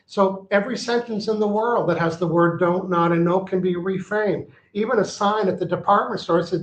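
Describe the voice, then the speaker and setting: During an interview conversation, a male guest with a high-pitched voice and moderate pace teaches with emphasis, repeating his key phrases the way a coach would. The recording sounds roomy, dull and lo-fi.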